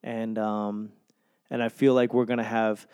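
A man's voice: lowish voice, level tone, a little slow, a little mellow, clear, resonant tone, no room sound. A young man hosting his own podcast, talking alone in a rambling, sentimental way, swearing casually and mocking himself. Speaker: podcast host. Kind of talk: solo podcast monologue.

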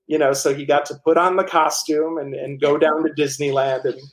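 A man telling animated stories as the author and guest in a casual interview, with many restarts. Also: fairly high pitch, brisk, low-quality recording.

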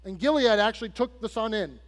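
High-voiced pastor in a reverberant hall. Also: male voice, lively intonation, fairly quick. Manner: conversational storytelling, addresses the congregation directly; acts out quoted characters with shifts in pitch and loudness. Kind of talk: sermon. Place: church sanctuary. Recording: long hall reverb with faint mains hum.

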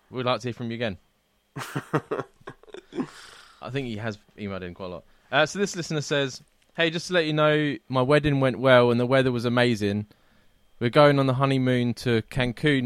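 A man's voice: medium pitch, a bit bright, clear, resonant tone, dry recording. British podcast host guy, chatty, laughs lots, dry close mic. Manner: chatty, laughs often, says "you know what I mean". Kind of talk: casual podcast chat, reading listener emails.

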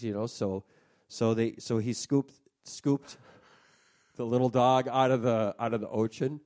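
A man's voice: medium pitch, fairly even intonation, measured pace, a little mellow. A man casually co-hosting a chat show, telling a rambling story and laughing as he goes. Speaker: podcast co-host.

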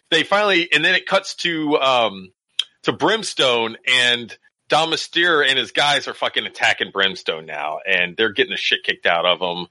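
A man recapping a movie in casual podcast chat, rambling with lots of fillers and quick acted-out quotes. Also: mid-range voice, pushed and bright, no room sound. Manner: rambling, many fillers, acts out characters in quick voices. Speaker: podcast co-host.

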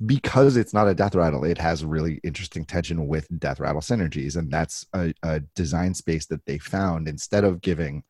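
A man with a very deep, husky voice talks thoughtfully through a card game, hedging his points with fillers. The sound is close and dry. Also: fairly quick, few pauses, darkish tone, dry recording. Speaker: podcast co-host. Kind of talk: casual chat about a card game.

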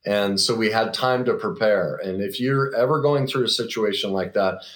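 A middle-aged man telling a personal story as a guest, earnest and reflective, often pausing and restarting. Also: on the low side, a bit bright.

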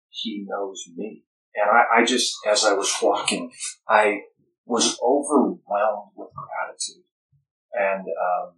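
An earnest pastor with a lowish voice talks reflectively as a podcast guest. He stops and restarts his sentences often. He sounds set back from the mic in a roomy, echoing space. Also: sharp tone. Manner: earnest, halting, many restarts. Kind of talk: reflective conversation. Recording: echoey room, distant from the mic.

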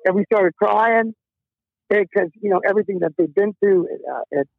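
A man's voice: high voice, moderate pace, creaky, husky, dry recording. Male musician guest, emotional rambling storyteller, phone-quality audio, close and dry. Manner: rambling, heartfelt, many restarts. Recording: tinny phone line.

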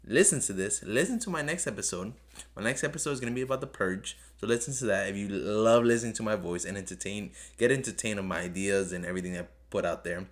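A man's voice: fairly low pitch, fairly quick. A man hosting his own podcast, talking off the cuff in a rambling, earnest way that repeats itself, speaking English as a second language. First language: not English. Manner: earnest, pleading, repeats himself. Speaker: podcast host. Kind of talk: casual solo podcast review.

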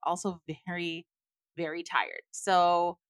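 A woman's voice: fairly low pitch, expressive, takes it slowly, no echo, studio quality. A young woman co-hosting a podcast in casual chat, tired, laughing often as she talks. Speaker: podcast co-host.

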